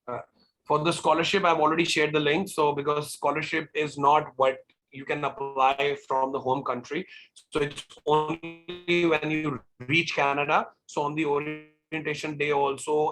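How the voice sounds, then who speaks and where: A man's voice: on the high side, flat delivery, moderate pace, fairly bright tone, soft background music, poor audio. A man representing a college, answering applicant questions in an online info session with many fillers. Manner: explanatory, with frequent fillers. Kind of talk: webinar Q&A. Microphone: video call.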